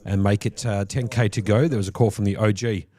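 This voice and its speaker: A man's voice: on the low side, fairly even intonation, fairly quick, mellow. A man doing live poker tournament commentary from a booth, often breaking into laughter. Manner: giggly, laughing through lines.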